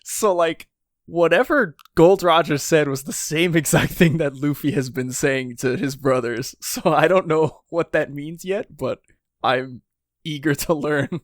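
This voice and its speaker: A man's voice: on the high side, a little slow, dry recording, clean studio sound. A man co-hosting a podcast in casual chat, rambling with many fillers and restarts and acting out quotes. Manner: acts out character quotes in lively voices. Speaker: podcast co-host.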